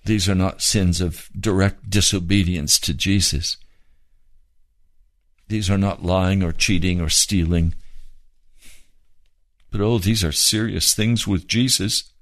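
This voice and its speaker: A man preaching a sermon, fervent and pleading, with slow drawn-out emphasis. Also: low-pitched, steady tone, a bit bright, no room sound.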